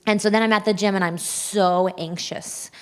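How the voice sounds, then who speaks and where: A woman's voice: medium pitch, fairly even intonation, moderate pace, clear, resonant tone. A woman sharing a personal testimony with an audience, talking openly and confessionally, sounding shaky and nervous. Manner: open, confessional, breaks into nervous laughs. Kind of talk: candid personal talk to an audience. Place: large hall at a church event. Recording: long hall reverb.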